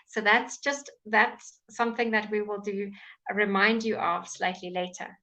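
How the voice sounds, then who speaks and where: A woman with a British accent teaching English pronunciation in a live online class, enunciating words slowly and clearly, with frequent fillers. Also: medium pitch, fairly even intonation, sharp tone, poor audio. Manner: slow, clear, drawn-out enunciation with many fillers. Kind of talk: live online language lesson.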